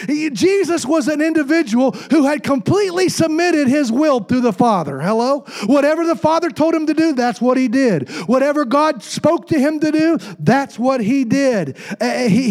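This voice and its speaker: Reading from scripture, this pastor delivers his sermon in a very high, dark-toned voice. He tosses call-and-response remarks to the congregation and slips in the odd joke with them.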